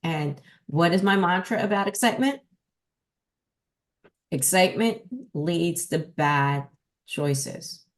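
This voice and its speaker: A woman with a New Jersey accent hosting a podcast as a dog trainer, explaining in an emphatic, lively teaching manner. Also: fairly low pitch, slow, pauses often. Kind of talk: casual podcast talk.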